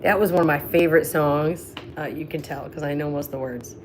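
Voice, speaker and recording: A woman's voice: low voice, brisk, a little hiss or hum. A woman, chatting on a live stream in a rambling, self-mocking way with laughing asides. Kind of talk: rambling casual chat between sung snippets. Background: ukulele strumming.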